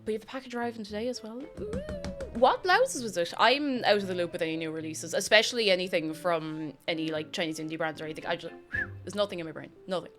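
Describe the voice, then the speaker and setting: A woman's voice: on the low side, quick pace. A young Irish woman chatting casually on a live stream, greeting viewers by name and reading their messages aloud with plenty of laughter. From Ireland. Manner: chatty, animated, laughs often, reads chat names aloud. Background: faint music.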